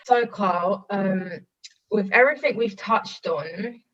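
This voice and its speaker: A woman's voice: medium pitch, takes it slowly, a bit bright, recorded from a distance, muffled recording. A woman hosting a podcast in casual chat, full of "like" and "literally". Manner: chatty, lots of "like" and "literally". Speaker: podcast host.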